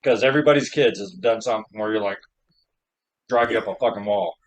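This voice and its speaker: A man's voice: fairly low pitch, quick pace. A man co-hosting a podcast, a father swapping profane stories in laid-back casual chat. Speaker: podcast co-host.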